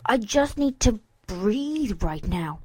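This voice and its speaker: A woman's voice: mid-range voice, lively intonation, slow pace, darkish tone, breathy edge, dry recording. Storybook figure: woman reading a sheepish, clumsy young colt, earnest and dry. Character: clumsy good-natured young male pony.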